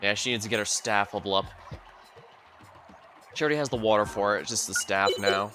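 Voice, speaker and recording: A man's voice: fairly low pitch, brisk, music in the background. A man streaming a role-playing game, thinking aloud and musing over his choices.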